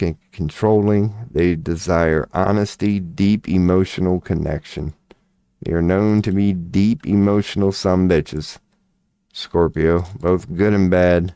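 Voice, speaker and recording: A man's voice: sits low, warm tone, clean tone, dry recording. A man hosting an astrology live stream, talking casually and profanely while he works on his computer. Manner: laid-back, profane, muttering while working on the computer.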